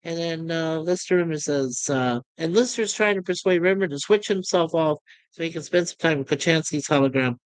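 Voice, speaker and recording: A man's voice: fairly high pitch, moderate pace, smooth, no echo, poor audio. A man casually retelling a sitcom scene by scene, rambling with fillers between the voices.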